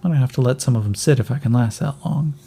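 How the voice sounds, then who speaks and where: A man voicing a skinny, starving cyborg boy who jokes darkly and rambles, in a gravelly voice a little higher than his own. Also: very fast, dark tone. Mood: joking. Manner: wry, rambling, gallows humor. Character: skinny starving cyborg kid, chatty, joking.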